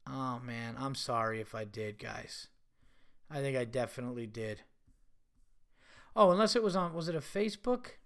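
A man hosting his own podcast, telling profane, animated stories with laughs in a casual, unscripted way. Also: mid-range voice, moderate pace, long pauses, clear, resonant tone. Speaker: podcast host and stand-up comedian. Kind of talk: casual solo podcast storytelling.

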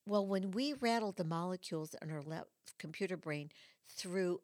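A middle-aged woman from Michigan hosting a casual chat, animated and telling stories with acted-out quotes. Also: on the low side, moderate pace. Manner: animated storyteller, acts out quotes. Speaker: host.

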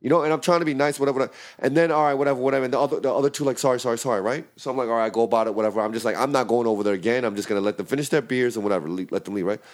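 A man casually telling a story about his bartending shift to friends, swearing a lot and acting out the shouting in the quotes. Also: mid-range voice, racing, hardly any pauses. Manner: animated, profane, acts out shouting in quotes.

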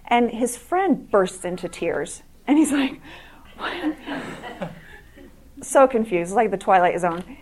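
Middle-aged woman, speaker at an evening event, earnest storytelling, frequent restarts, mid-pitched voice. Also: lively intonation, a little slow, crowd noise. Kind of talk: storytelling speech to an audience.

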